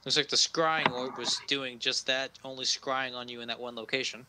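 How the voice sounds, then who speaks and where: A male game master narrates a tabletop game in a relaxed, halting way, full of fillers. His voice is very bright and forceful and sits at an ordinary pitch. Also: low-quality recording.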